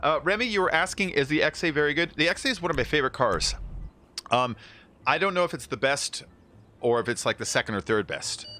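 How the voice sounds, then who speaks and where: Lively, bright-voiced male game streamer. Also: a little high, a little fast, a little hiss or hum. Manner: rambling, laughs often, reads chat aloud. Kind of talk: casual live-stream chat.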